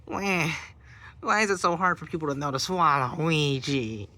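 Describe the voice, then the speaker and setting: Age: unknown. Sex: man voicing a petty plush villain. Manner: blustery, whiny rants. Pitch: raised, swooping. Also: lively intonation, unhurried, sharp tone. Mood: ranting. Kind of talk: comedic plush skit.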